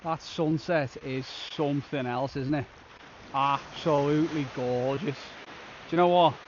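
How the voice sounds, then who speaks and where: A man's voice: fairly high pitch, fairly even intonation, a little slow, dull audio, a little hiss or hum. A man vlogging a shore fishing trip outdoors on a beach, chatting casually and upbeat to the camera. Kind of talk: casual outdoor vlog narration.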